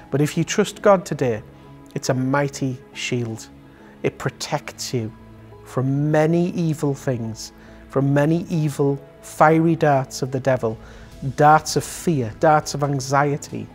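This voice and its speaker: A man's voice: fairly high pitch, darkish tone. A man giving an earnest, encouraging daily devotional sermon that ends in prayer. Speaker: devotional speaker.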